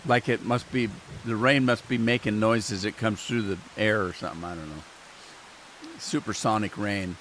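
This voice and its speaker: A gaming channel host streams his gameplay, rambling and chatting casually as he talks to himself and to chat. His voice is fairly low and fairly bright, with fairly even intonation, a moderate pace, and a little hiss or hum. Rain sounds from the game play in the background.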